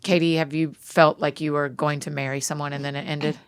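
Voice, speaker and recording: A woman's voice: sits low, level tone, a little fast, clean tone, dry recording. A woman hosting a casual podcast chat, chiming in supportively and asking guests questions. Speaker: podcast host.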